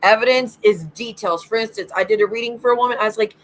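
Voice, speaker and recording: Woman, livestream host and psychic medium; blunt, sassy, swearing rant, slightly high voice. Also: fast talker, a little hiss or hum, low-quality recording. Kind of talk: ranting livestream commentary.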